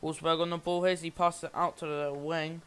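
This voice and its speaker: A man's voice: fairly high pitch, level tone, a little fast, fairly bright tone, clean tone. A man giving amateur play-by-play commentary on a football match, rambling a little and often restarting or correcting himself.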